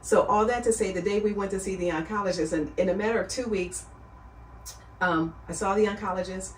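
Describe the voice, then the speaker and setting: A woman's voice: medium pitch, fairly even intonation, fairly quick, slight background noise. A middle-aged woman in casual conversation, telling her story earnestly and coming alive when she quotes other people. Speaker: guest. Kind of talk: casual chat. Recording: roomy sound, far from the mic.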